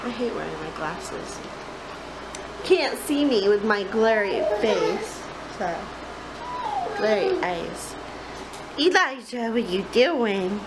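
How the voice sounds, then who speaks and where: A woman's voice: mid-range voice, sing-song, takes it slowly, long pauses. A woman vlogging at home, talking to her baby son in sing-song baby talk and laughing often. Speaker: vlogger and mother. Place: home, indoors. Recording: noisy home video.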